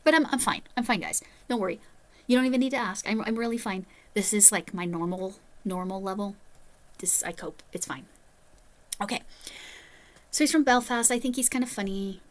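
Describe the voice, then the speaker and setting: A woman's voice: medium pitch, normal speed. Lady rambling thru a story on her crochet vlog, jokes at herself. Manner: chatty, rambling asides, self-deprecating. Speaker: crochet vlogger. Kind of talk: casual storytelling.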